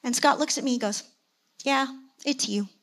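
A middle-aged woman delivers a personal testimony from the pulpit, her voice sitting a little high. She acts out the dialogue in her story, jumping up in pitch for the quoted voices. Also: normal speed. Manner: animated storytelling, acting out dialogue with sudden pitch jumps. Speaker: church elder and speaker.

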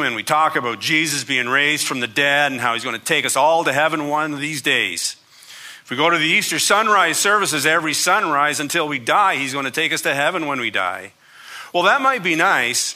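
A man's voice: fairly high pitch, pushed and bright. A man putting on a folksy Southern preacher. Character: folksy older Southern preacher, plain-spoken and wry. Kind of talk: sermon reading.

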